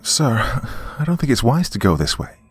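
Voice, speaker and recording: A man voicing a frightened thirteen-year-old girl in a horror story, pleading and pitched up. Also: very animated, moderate pace, husky, no echo, soft background music. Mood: uneasy.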